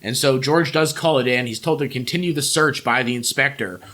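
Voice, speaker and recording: A man's voice: medium pitch, brisk, fairly bright tone. A man co-hosting a podcast, casually recapping a horror movie's plot with frequent laughs and offhand swearing. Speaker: podcast co-host.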